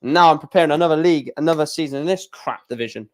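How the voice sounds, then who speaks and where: A man's voice: fairly high pitch, racing. Rambling guy streaming live. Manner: rambling, stammering restarts, blunt opinions. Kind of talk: casual live-stream chat.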